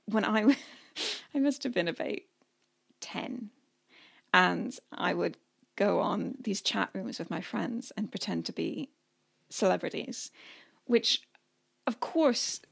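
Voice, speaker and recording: Thirties woman from Canada, gravelly fry, animated and chatty podcast co-host. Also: fairly low pitch, takes it slowly, pauses often. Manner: chatty and animated, often laughing. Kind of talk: casual storytelling chat.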